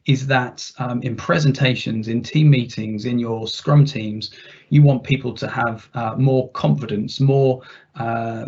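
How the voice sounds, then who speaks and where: A man's voice: medium pitch, darkish tone, breathy edge. A man presenting a workplace training webinar in a conversational way, with restarts and rhetorical questions. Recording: dull, muffled webinar audio.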